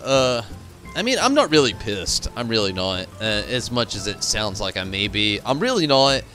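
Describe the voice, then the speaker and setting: A man's voice: lowish voice, big pitch swings, normal speed, sharp tone, soft background music. A tired, frustrated man signing off his stream, rambling and swearing as he thanks his chat. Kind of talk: casual stream sign-off to chat.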